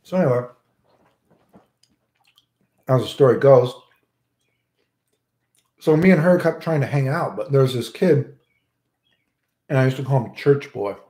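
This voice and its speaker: A man's voice: medium pitch, a little slow, pauses often, mellow. A man telling a crude personal story in casual, rambling talk, often tagging lines with "right?". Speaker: storyteller host. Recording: roomy echo.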